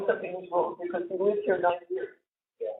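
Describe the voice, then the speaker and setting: An older woman with a New York accent, talking in a halting, rambling way with many restarts, sounding distressed. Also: fairly low pitch, little pitch movement, soft background music. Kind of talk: recorded conversation. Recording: tinny phone line, echoey.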